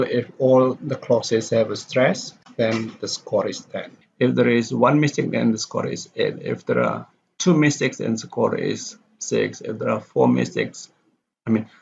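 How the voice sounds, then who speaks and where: A male lecturer whose first language is Indonesian walks through a recorded lesson step by step, halting with fillers and correcting himself. His mid-range voice is gravelly, slightly rough, and darkish in tone, captured in a dull lo-fi recording.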